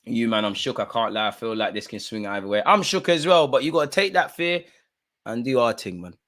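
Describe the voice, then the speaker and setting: A man co-hosting a live football watch-along, exasperated and heckling the referee, dropping into mutters and rising to shouts with plenty of street slang. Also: mid-range voice, a little fast. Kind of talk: live match commentary and banter.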